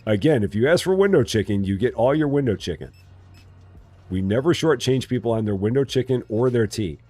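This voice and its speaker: A man's voice: mid-range voice, animated, brisk, warm tone, no room sound. A man streaming a game live, joking, teasing his chat and breaking into sing-song asides. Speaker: gaming streamer. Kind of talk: live game commentary, chatting with viewers. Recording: faint music behind.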